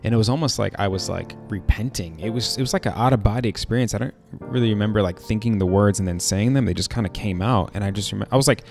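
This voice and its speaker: Brief: low, gravelly male host, open and emotional, faint music underneath. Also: fast talker, few pauses, darkish tone. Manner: open, emotional storytelling with many fillers. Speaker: podcast host. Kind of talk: casual heartfelt conversation.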